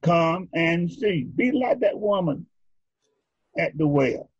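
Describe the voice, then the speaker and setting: A male preacher giving a sermon in a rhythmic, drawn-out style, calling for responses from his congregation. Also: a little high, expressive, husky, no room sound. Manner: rhythmic, drawn-out phrasing, leads the congregation in repeating lines. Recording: dull lo-fi recording.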